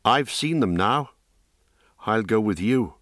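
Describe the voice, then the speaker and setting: A man's voice: on the low side, lively intonation, slow pace, a bit bright, dry recording, studio quality, voice pushed up. A man voicing a frightened young companion in an audiobook, raising his voice and speaking hesitantly. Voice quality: hesitant and shaky. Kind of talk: audiobook reading.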